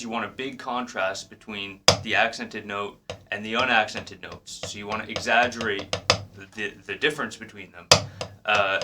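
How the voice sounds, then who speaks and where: A man gives a relaxed, casual drum lesson and counts the beats out loud as he explains. His voice sits at an ordinary pitch for a man. Loud drumming plays behind him. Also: very noisy. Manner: relaxed, talks between demonstrations, counts beats aloud. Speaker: drum teacher. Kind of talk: casual instructional talk. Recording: drums clearly heard behind the voice. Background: drum playing.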